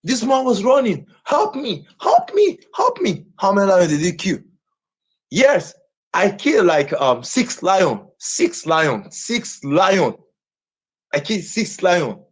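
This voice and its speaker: A man's voice: high-pitched, lively intonation, slow. A man from Nigeria, talking on a live stream in a boastful way and repeating his words again and again. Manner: boastful, repeats himself over and over.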